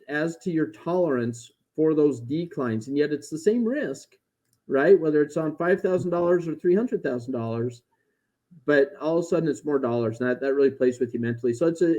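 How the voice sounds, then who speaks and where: A man in a relaxed podcast chat, recounting a story from his work as a financial planner. His speech is mid-pitched, and he doubles back and repeats words as he goes. He sounds natural and unscripted. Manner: anecdotal, many restarts and repeated words.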